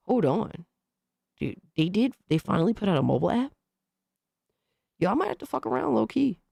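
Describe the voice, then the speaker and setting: A young-sounding man with a high voice chats casually on a live stream, hoarse and worn from recovering after illness. He speaks fairly quickly in excited bursts, swears freely, and keeps giving shout-outs. The sound is close and dry with no room sound.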